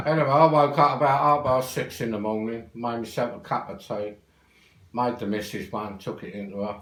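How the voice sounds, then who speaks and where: A man's voice: mid-range voice, fairly even intonation, a little fast, a bit bright, roomy sound, low-quality recording. An older man with a London accent telling a long rambling family anecdote in a casual, swearing, cheerful way. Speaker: storyteller.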